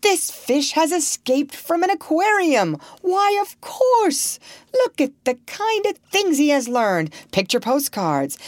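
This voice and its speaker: Excitable male doctor read by a woman for a storybook: breathless, eager, exclaiming, voice swooping up and down. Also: high voice, takes it slowly, no echo, voice pushed up, heavily acted. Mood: excited.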